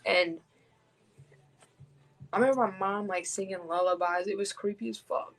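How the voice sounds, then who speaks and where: A woman's voice: medium pitch, fairly even intonation, normal speed, low-quality recording. A woman, hosting a podcast and telling a personal story in a raw, blunt way, swearing heavily. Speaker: podcast host.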